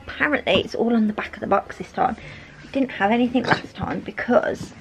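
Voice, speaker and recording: Chatty mum with gravelly voice. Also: female voice, on the high side, fairly quick, a little hiss or hum, poor audio. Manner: chatty, self-mocking, laughs often. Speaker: family vlogger, mother. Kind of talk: casual family vlog chat. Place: family home, indoors. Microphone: compact camera's built-in mic.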